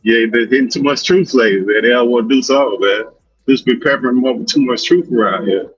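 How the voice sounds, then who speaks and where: Male co-host, husky, emphatic complainer, dull lo-fi dry audio. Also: medium pitch, dry recording. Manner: emphatic, complaining, drawn-out "man". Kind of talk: casual podcast chat.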